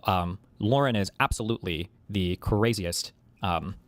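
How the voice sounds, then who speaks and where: A man's voice: low voice, measured pace, dry recording. A man streaming a casual chat and venting in a heated, profane, rambling rant. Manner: heated, agitated.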